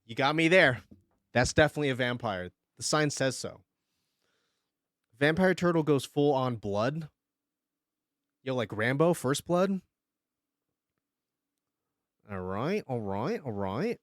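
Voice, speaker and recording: A man streaming live, chatting casually and joking as he reacts, laughing often and breaking into excited bursts. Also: mid-range voice, a little slow, pauses often, dry recording, clean studio sound. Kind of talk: casual live-stream commentary while drawing.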